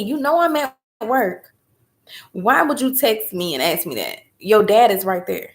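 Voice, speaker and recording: A mother chatting casually as a host, telling a story in an emphatic, animated way. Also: medium pitch, a little slow. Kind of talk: casual chat.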